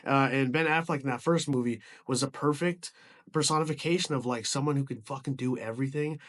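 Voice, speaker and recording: A man's voice: mid-range voice, fairly quick. A man giving a casual movie review, rambling with frequent restarts and casual swearing.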